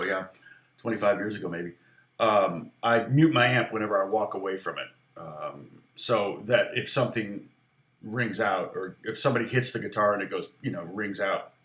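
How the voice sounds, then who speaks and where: A man's voice: on the low side, bright, forceful tone, roomy sound. Chatty middle-aged man teaching guitar. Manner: rambling, chatty, lots of fillers and restarts. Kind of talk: casual livestream guitar lesson.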